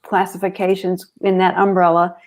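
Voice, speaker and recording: A woman appearing as a guest on a podcast, explaining her views in a thoughtful, measured way. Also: lowish voice, level tone. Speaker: guest author. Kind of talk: casual podcast chat.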